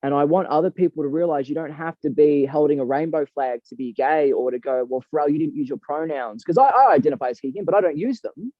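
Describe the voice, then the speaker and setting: A man's voice: on the high side, animated, fast, hardly any pauses, dry recording. A man speaking as a guest in an interview, earnest and heartfelt, talking in a reflective, emphatic way. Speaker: boxing coach and guest. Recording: dull lo-fi dry recording.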